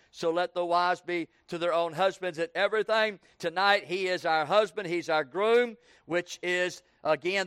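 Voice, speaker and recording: A man's voice: fairly bright tone, smooth, dry recording, clean studio sound. A man preaching an evening sermon, repeating lines in rhythm and calling for "Amen" from the congregation. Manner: call-and-response preaching, asks the congregation "Amen?"; rhythmic repetition, rising to a fervent pitch.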